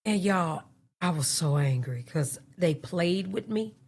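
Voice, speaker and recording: A reaction-stream host, a woman, talks in a low, swooping voice full of slang. She tells her own story casually, dropping laughing asides as she goes. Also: expressive, unhurried, darkish tone, breathy edge.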